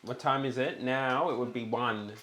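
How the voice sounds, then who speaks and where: A man co-hosting a livestream from a small home kitchen, talking easily at a middle pitch. He keeps reading viewer chat aloud and fills gaps with ums. The room around him rings with a roomy echo. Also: normal speed, bright, forceful tone, slight background noise. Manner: chatty, reads out messages with lots of ums. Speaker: co-host of a cooking stream.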